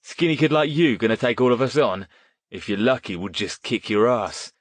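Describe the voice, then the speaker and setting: A man's voice: low-pitched, brisk, fairly bright tone, dry recording. A man doing a menacing young thug. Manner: menacing, taunting. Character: threatening young male thug, less drunk.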